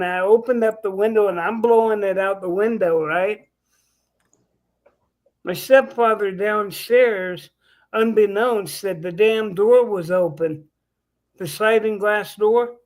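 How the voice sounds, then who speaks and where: A man with a notably high voice tells a casual, crude anecdote. He speaks at a relaxed pace, with plain, slangy phrasing. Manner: laid-back storyteller, crude slang. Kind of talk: casual storytelling chat.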